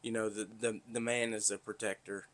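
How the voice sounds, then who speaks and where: A man's voice: fairly low pitch, level tone, fairly quick, a bit bright. Blunt, profane Southern-accented man. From north Florida. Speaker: podcast host. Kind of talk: casual monologue.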